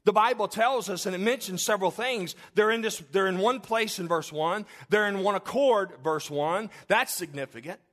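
A man preaching from the pulpit of a church, his voice sitting high for a man. He tells stories with big swings, rising to loud calls and dropping to hushed asides. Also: moderate pace, few pauses. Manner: storytelling, swings from loud to soft. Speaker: pastor. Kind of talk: sermon.

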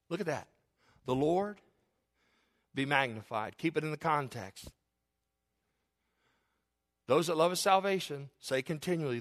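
A man preaches a sermon with a voice set a little above the usual male pitch. He moves between quiet, confiding asides and loud, rising declarations, with a chuckle slipping in here and there. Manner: fervent, swings from soft to loud, with chuckles. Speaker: pastor.

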